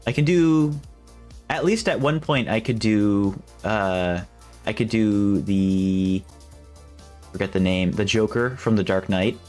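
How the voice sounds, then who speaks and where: A man's voice: lowish voice, slow, darkish tone, faint music behind. A man chatting casually on a live stream, rambling and restarting his sentences. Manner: rambling and self-interrupting, breaking off to test impressions.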